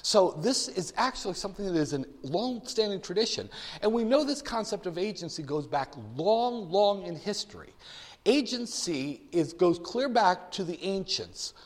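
Joking male lecturer in a reverberant hall. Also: high-pitched. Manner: animated, joking storyteller. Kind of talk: classroom lecture.

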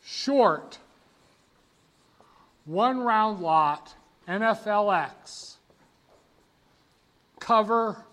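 A man with a high, somewhat bright voice lectures a class at a very slow pace, leaving long pauses and sounding animated. The teacher is emphatic, stressing key words, drilling terms, and having students repeat phrases back to him.

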